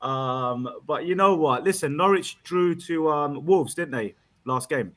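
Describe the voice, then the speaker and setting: Brief: excitable male caller, laughs easily, rambles with repeats. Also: on the high side, a little slow. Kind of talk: casual fan chat.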